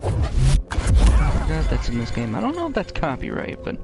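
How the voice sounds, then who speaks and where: A man's voice: fairly high pitch, huge pitch swings, normal speed. Sleepy, swearing man commentating a game. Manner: rambling, heavy swearing, laughs often. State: sleepy, yawning. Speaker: gameplay streamer. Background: game music and sound effects.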